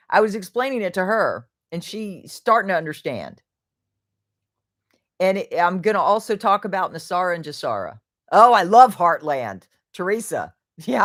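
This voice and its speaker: Lively, rambling woman hosting a livestream. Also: fairly low pitch, dry recording, clean studio sound. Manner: rambling, chatty, reads out viewer comments. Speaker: livestream host. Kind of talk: casual livestream chat.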